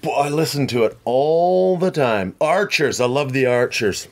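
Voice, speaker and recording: A middle-aged man chatting as a podcast guest, rambling and tangential with animated storytelling. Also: medium pitch, a little slow. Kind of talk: casual chat.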